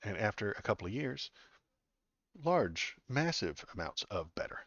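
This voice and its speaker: Low-voiced sarcastic male stream host. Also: big pitch swings, normal speed, a bit bright, no room sound. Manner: sarcastic, rambling, many fillers and restarts. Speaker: political livestream host. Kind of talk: casual commentary reading news aloud. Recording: dull lo-fi, dry.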